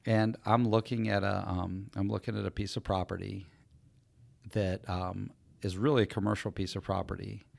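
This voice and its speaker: Man, very low voice, gravelly, animated storyteller, dry close sound. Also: normal speed, no room sound. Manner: animated storyteller acting out other people's lines. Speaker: podcast co-host. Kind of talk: casual storytelling chat.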